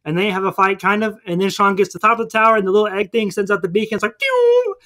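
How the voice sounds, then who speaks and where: A man in goofy, fast comedy-podcast mode, hurtling through a cartoon plot. His voice sits a little high and bright, with a forceful edge, and he keeps breaking into silly character voices. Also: flat delivery. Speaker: podcast co-host. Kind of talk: casual comedic movie recap.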